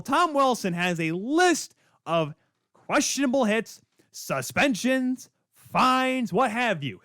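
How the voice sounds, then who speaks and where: A man hosting a podcast, delivering a heated, sarcastic rant with sudden loud spikes and quick muttered asides. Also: sits high, dry recording, clean studio sound. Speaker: podcast host. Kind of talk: ranting hockey commentary.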